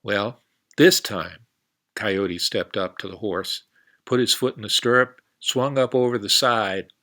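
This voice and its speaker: A man telling a folk tale for a library storytime in a folksy, relaxed way. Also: on the low side, measured pace. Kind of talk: storytime narration.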